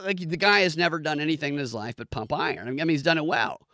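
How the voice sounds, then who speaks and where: A man's voice: fast, few pauses, dry recording, studio quality. A man giving a comedic, profane rant reviewing a show. He swears freely, jumps between ideas and mimics the people he describes. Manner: profane, animated, mimics people in squeaky voices.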